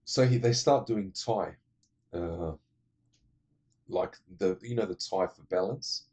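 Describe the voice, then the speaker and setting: A man's voice: low voice, takes it slowly, darkish tone. A man casually retelling a movie plot for his film-ranking vlog, digressive, blunt and profane. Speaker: movie list vlogger.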